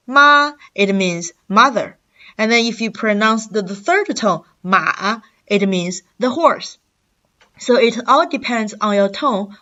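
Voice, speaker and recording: A woman teaching a language lesson, speaking slowly and carefully and sounding out syllables for learners to repeat. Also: mid-range voice, a bit bright, lo-fi sound. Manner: slow, careful delivery, demonstrating syllables aloud for repetition.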